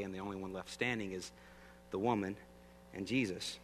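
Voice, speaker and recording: Speaking at normal speed in a low, steady voice, this pastor delivers his sermon conversationally and frequently asks his listeners questions. Long reverb and a faint hum run through the audio.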